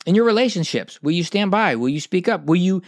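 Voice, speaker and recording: A man's voice: high-pitched, lively intonation, dry recording. Passionate man, dry close mic. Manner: passionate, preachy, halting with restarts. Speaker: podcast host. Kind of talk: casual monologue podcast.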